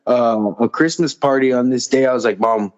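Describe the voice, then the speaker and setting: A man's voice: mid-range voice, normal speed, a little mellow. A man as a podcast guest, telling a personal story in a rambling way, repeating phrases and acting out the dialogue. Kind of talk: casual storytelling. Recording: slightly dull lo-fi audio.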